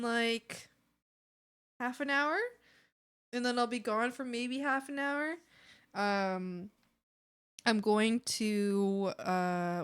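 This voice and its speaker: A woman's voice: fairly high pitch, smooth. Giggly rambling woman streamer. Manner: rambling, giggly, lots of fillers. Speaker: art streamer. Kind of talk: casual chat with stream viewers.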